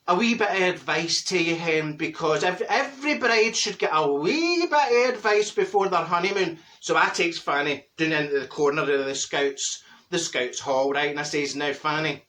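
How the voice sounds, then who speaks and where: A man's voice: on the high side, animated, moderate pace, pushed and bright. A man playing a chatty, vain, gossiping middle-aged woman from Glasgow with a Glaswegian accent, cackling through a comic monologue. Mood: gossipy. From Glasgow, Scotland. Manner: gossipy, cackling, full of wee asides. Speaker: comedy character monologue.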